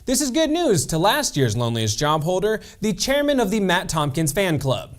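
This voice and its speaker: A man's voice: high-pitched, huge pitch swings, normal speed. A man anchoring a satirical local news sketch as the dry, exasperated straight man.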